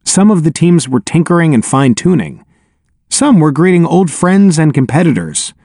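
A man narrating an audiobook in an expressive, wry first-person telling, on a close studio mic. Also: fairly high pitch, normal speed, no room sound.

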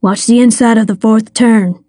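A woman's voice: a little high, steady tone, normal speed, dark tone, no echo, studio quality, close to an everyday voice. A woman voicing a worried older race mechanic who grumbles and frets. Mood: fretful. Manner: fretful, grumbling.

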